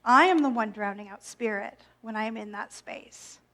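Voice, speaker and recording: Woman minister, high voice, reflective sermon with wry asides. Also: moderate pace. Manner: gentle, reflective, with playful self-mocking asides.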